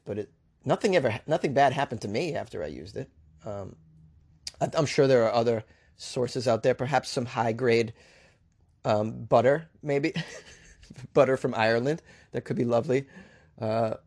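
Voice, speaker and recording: A man's voice: medium pitch, creaky, darkish tone. A man hosting a talk show, riffing jokingly on news stories, rambling and stumbling over hard names. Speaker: show host.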